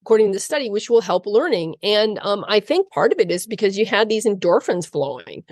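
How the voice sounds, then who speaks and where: A woman's voice: medium pitch, big pitch swings, brisk, darkish tone, no room sound. Reassuring woman co-host, dry sound. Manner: reassuring, explanatory. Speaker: podcast co-host and dog trainer. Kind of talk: casual conversational interview.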